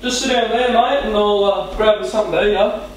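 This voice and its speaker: An older Australian man plays a friendly small-town grandfather in a short film. His voice sits high for a man, with faint noise behind it. He talks in an easy, jokey, chatty way. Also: fairly even intonation, fairly quick, lightly acted. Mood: warm. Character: friendly, easygoing grandfather in a tiny outback town.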